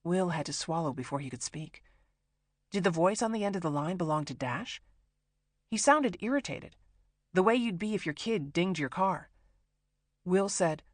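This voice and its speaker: An audiobook narrator telling a crime thriller in a steady, tense manner. The voice sits mid-pitch and the read is completely dry and close. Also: normal speed, pauses often, no echo. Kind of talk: scripted narration.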